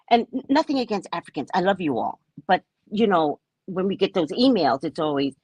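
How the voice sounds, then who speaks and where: A woman's voice: medium pitch, sing-song, fairly quick, hardly any pauses, husky, no room sound. A woman psychic reader telling a story on a casual live stream, brash, profane and mocking.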